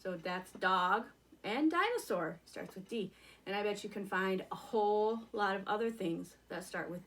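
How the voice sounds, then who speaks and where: A woman's voice: mid-range voice, expressive, normal speed, fairly bright tone. A woman teaching a virtual preschool lesson, talking to young children in an encouraging, sing-song way and singing along.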